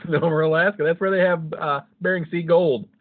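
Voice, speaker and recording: A man's voice: a little high, steady tone, fairly quick, a little hiss or hum. A man co-hosting a podcast, telling a rambling story in a casual chat, swearing constantly and laughing at his own jokes. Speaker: podcast co-host. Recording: phone-like lo-fi audio.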